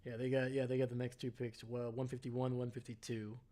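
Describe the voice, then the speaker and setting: A man's voice: mid-range voice, level tone, brisk, warm tone. A tired man giving casual, rambling live-stream commentary to his chat, often correcting himself as he goes. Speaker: live draft reaction streamer.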